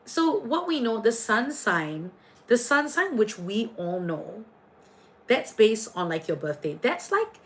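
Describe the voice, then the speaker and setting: A woman's voice: mid-range voice, expressive, takes it slowly, low-quality recording. A woman hosting a casual astrology and tarot livestream, chatty and playful, jumping between viewer comments.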